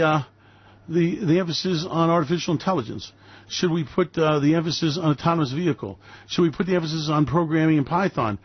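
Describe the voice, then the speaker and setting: Older man from New York City, radio host, ranting and emphatic; husky voice with dull, lo-fi sound. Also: on the high side, no room sound. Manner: emphatic, ranting, rhetorical questions. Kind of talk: opinionated radio commentary.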